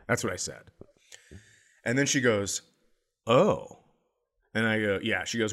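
A middle-aged man co-hosting a comedy podcast, telling rambling stories in casual chat and slipping into animated impressions. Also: lowish voice, a little slow, pauses often.

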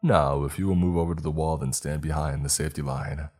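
Guy reading a proud smug official, very deep husky voice, lecturing calmly, music behind. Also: fast talker. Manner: smooth, self-assured, lecturing. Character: beaming smug male official, secretive and proud. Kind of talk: read-aloud dialogue in a horror story.

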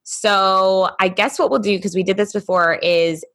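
A woman's voice: medium pitch, steady tone, normal speed, a bit bright. A woman co-hosting a podcast, telling stories in casual chat with lots of fillers, talking over a remote call microphone. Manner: chatty storyteller, many fillers. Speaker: podcast co-host.

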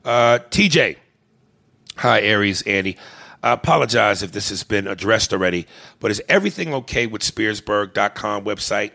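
A young man co-hosting a podcast, reading listener emails and trading crude jokes, loud and animated, shouting one moment and murmuring the next. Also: lowish voice, moderate pace, vocal fry. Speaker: podcast co-host. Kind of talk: crude comedic podcast banter.

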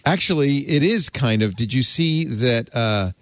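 A man hosting a casual tech podcast, animated and jokey, going soft and low when talking about something personal. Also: unhurried, dry recording, studio quality. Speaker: host.

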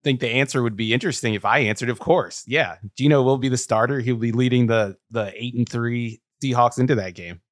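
A man's voice: mid-range voice, fairly quick, few pauses, no room sound. Man giving blunt sports takes. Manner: dry, blunt analysis. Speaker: podcast host. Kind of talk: casual sports chat.

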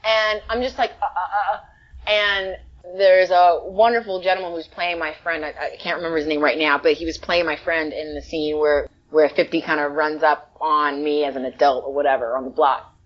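Animated woman from the Bronx, lo-fi. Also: low voice, moderate pace. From the Bronx, New York. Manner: animated, emotional, heavy use of "like" fillers. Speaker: actress, interview guest. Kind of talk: casual interview storytelling. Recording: dull lo-fi sound.

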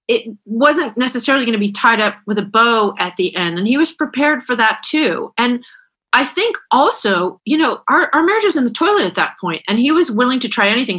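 A woman's voice: fairly high pitch, sharp tone. A middle-aged woman author chatting candidly in an interview, self-deprecating, with many restarts. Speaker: author guest. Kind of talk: casual interview chat.

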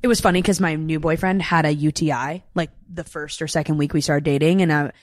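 Low-voiced young woman, blunt and candid. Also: steady tone, fairly quick, no echo, clean studio sound. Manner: candid and blunt, heavy use of filler words. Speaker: podcast guest. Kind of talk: casual chat. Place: Los Angeles.

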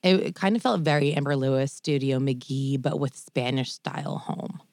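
A woman's voice: extremely low pitch, normal speed, darkish tone, no room sound, studio quality. A young adult woman co-hosting a podcast, chatting in a gushing, enthusiastic way. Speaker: podcast co-host. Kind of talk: casual chat.

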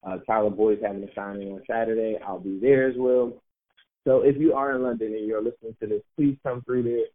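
A man's voice: on the low side, steady tone, a little fast. A man co-hosting a sports podcast in loose, chatty, self-mocking talk, laughing easily. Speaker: podcast co-host. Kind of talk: casual sports podcast chat. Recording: tinny phone-like line.

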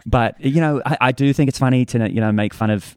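A man playing a rambling, quick-talking co-host. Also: mid-range voice, darkish tone, clean tone, dry recording, clean studio sound, natural voice. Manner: rambling, hedging with fillers. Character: self-important male co-host Gray. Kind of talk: improvised comedy scene.

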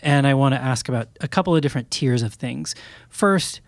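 A man's voice: mid-range voice, animated, a little fast, vocal fry, dry recording. A man hosting a podcast, casually and upbeat, asking his guests questions. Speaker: podcast host.

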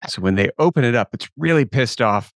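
Guy cohosting a podcast, gravelly voice, dry close sound, animated storyteller. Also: mid-range voice, brisk, no room sound. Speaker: podcast co-host. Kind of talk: casual chat.

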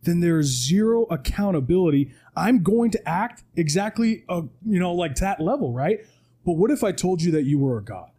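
A man's voice: sits high, lively intonation, normal speed, warm tone, breathy edge. A man talking as a podcast guest, preaching with emphasis and often tagging "right?" onto his points. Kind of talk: animated motivational talk. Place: podcast studio.

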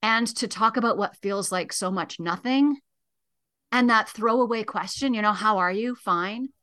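A middle-aged woman, a grief educator, speaking as a guest on a radio interview in a calm, measured, reassuring way. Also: on the high side.

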